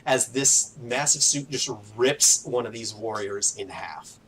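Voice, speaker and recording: A man's voice: mid-range voice, measured pace, fairly bright tone, slight background noise, poor audio. A man narrating as game master in a casual, filler-heavy way.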